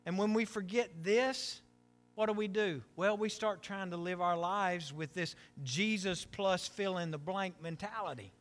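Man, pastor, high voice, middle-aged, conversational sermon, joking asides. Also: measured pace, a bit bright. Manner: conversational, self-deprecating humor, repetitive asides.

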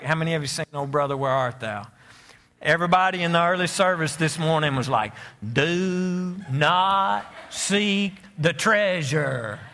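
Pastor preaching, man, high voice, bright tone, joking asides. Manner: joking asides, preaching cadence with drawn-out emphasis. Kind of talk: sermon.

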